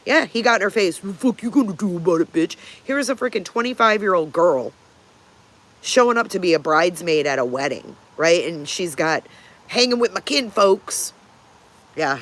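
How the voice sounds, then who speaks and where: A woman's voice: fairly low pitch, animated, normal speed, a bit bright. An older woman hosting a casual livestream, greeting viewers and answering their comments in a blunt manner, swearing freely and chuckling often. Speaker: livestream host.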